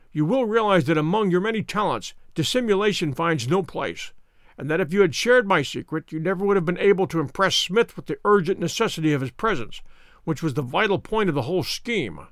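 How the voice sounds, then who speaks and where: A man voicing a brilliant, wry male detective who explains in a brisk, ironic, lecturing way. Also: sits high, fairly bright tone, no room sound, clean studio sound.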